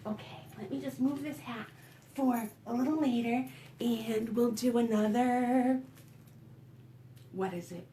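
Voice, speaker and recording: A woman children's librarian leading a preschool storytime, singing and talking to small children in an animated sing-song way. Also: on the high side, measured pace, pauses often, reverberant, a little hiss or hum. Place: home, recorded for online storytime.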